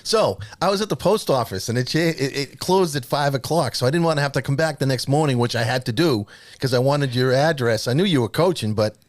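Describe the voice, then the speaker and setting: A man's voice: mid-range voice, fairly quick, few pauses, dry recording. A man with a New England accent co-hosting a casual chat, hesitant with many fillers and a dry sense of humor. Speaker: podcast co-host.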